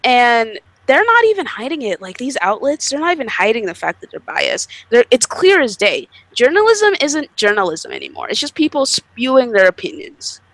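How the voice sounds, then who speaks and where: Woman, insistent, frustrated, lively pitch, dry close sound. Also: moderate pace, few pauses, no room sound. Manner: frustrated, insistent, repeats herself. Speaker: podcast guest. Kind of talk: casual chat.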